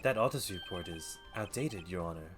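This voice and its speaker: A haughty young prosecutor, as a man acts him out, cool and smug. The voice drops a little below the performer's own and stays clipped and measured, with faint music in the background. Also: deep voice, animated.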